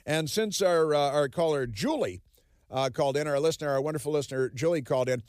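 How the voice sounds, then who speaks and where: A man's voice: on the high side, animated, fast, darkish tone, no room sound, clean studio sound. A man hosting a political talk radio show, sarcastic and combative. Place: radio studio. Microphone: studio microphone.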